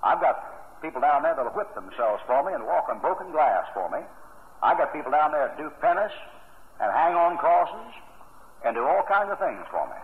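A man's voice: fairly high pitch, very animated, moderate pace, pitched above the performer's own voice. A bragging, insistent male devil boasts of his loyal followers, as a preacher puts him on in his own plain voice. The sound is thin and tinny, like an old phone-line recording. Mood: boastful.

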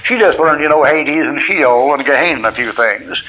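A middle-aged male preacher with a slightly high voice speaks at a normal pace, telling church stories in a plain, folksy manner and chuckling often. It's sermon-style storytelling, captured on dull lo-fi tape with a faint hiss.

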